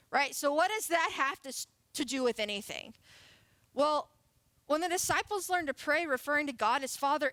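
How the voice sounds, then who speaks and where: A youth pastor in her late twenties gives a sermon in a high, light voice. She keeps it casual and playful and laughs often. The sound is dry and close, with no room echo. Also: fairly bright tone. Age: late 20s. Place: church sanctuary.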